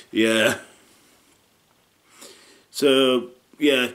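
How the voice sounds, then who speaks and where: A man's voice: medium pitch, slow pace, long pauses. A middle-aged man with a Northern English accent delivering a rambling comedic character monologue, blunt and casually sweary.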